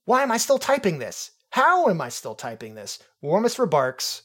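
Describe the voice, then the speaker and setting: Man putting on a high, yappy pack of dogs, scatterbrained, barks mid-sentence. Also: wildly swooping pitch, moderate pace, a bit bright, heavily acted. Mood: excited. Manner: scatterbrained, barking woof. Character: excitable pack of easily distracted dogs.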